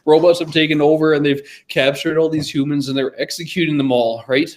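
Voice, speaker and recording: A man with a slightly raised pitch chatting casually, joking and laughing between lines. He sounds like a friend riffing through a relaxed conversation. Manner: jokey, quick to laugh. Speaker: co-host. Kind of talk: casual chat.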